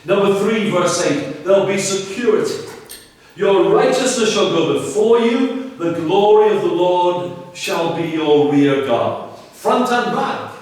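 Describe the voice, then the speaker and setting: A man's voice: high-pitched, darkish tone. A man preaching a sermon as pastor, earnest and emphatic, pressing his listeners with rhetorical questions. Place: church sanctuary. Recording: very echoey church, voice from a distance.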